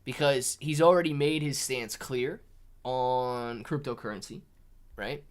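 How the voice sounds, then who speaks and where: A man hosting a casual live stream from home, reading out chat messages and answering them as he goes. He rambles loosely and peppers his speech with "dude" and "man." His voice stays fairly quiet and laid-back. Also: mid-range voice, measured pace. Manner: casual, says "dude" and "man" a lot, thinks aloud with restarts; talks softer to keep quiet near children. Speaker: livestream host reading chat.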